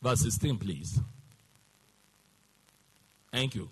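A man preaches with a raspy, gravelly voice that swings widely up and down, leaning into call-and-response and half-sung lines. He sits on the higher side for a man, and the sound rings out in a reverberant church hall. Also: big pitch swings, normal speed, fairly bright tone. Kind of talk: sermon.

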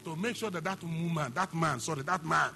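A man's voice: on the high side, brisk, vocal fry, pushed and bright, faint music behind. A man preaching a sermon, emphatic, repeating phrases and asking the congregation questions. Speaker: pastor.

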